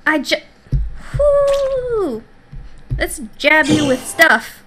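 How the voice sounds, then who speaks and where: A woman's voice: high voice, lively intonation, extremely slow, pauses often, background noise. A woman gamer giving goofy, playful let's-play commentary, humming silly noises as she plays. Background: game music.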